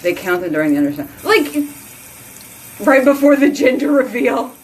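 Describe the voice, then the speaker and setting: A bubbly woman from Houston, Texas, vlogs casually from home by her sink, rambling in a Texan accent and saying "y'all" a lot. Her voice is fairly high and sing-song at a moderate pace. There's slight background noise.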